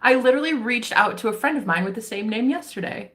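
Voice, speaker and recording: A woman's voice: a little high, animated, fast talker, fairly bright tone. American girl faking an english accent, jokey rambling chat, voice jumps all over. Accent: put-on English accent. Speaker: livestream host. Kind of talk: casual chat.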